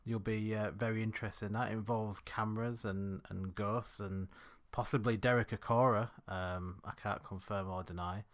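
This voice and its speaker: A man's voice: lowish voice, steady tone, moderate pace. A man from the UK, hosting a casual podcast chat in a chatty, rambling way with many hesitations. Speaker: podcast host.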